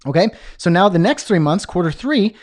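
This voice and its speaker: An energetic man coaching freelancers on business in a live stream, repeating key phrases and answering viewer comments as he goes. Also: high-pitched, normal speed. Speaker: web design business coach.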